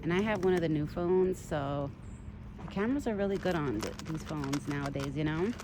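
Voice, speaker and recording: A young woman with a slightly low voice chats casually into her phone camera while standing out on a trail. She rambles in a friendly way and talks sweetly to a deer she is feeding. Outdoor ambience and passing vehicles are clearly heard behind her. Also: fairly quick. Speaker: vlogger feeding a wild deer. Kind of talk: casual vlog chat. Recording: outdoor phone recording with noise.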